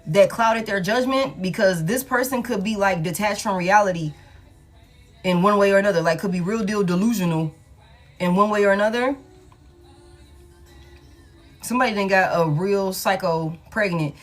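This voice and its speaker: A woman's voice: mid-range voice, normal speed, pauses often, faint music behind. A woman doing a casual tarot reading. She talks bluntly, swears freely and repeats her lines. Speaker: tarot reader.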